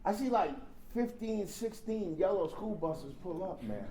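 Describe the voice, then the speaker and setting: High-voiced man, animated comic storyteller, sharing at a recovery convention in a reverberant hall. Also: unhurried, a little hiss or hum. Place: large convention hall with audience. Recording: echoey hall with audience laughing. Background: crowd laughing.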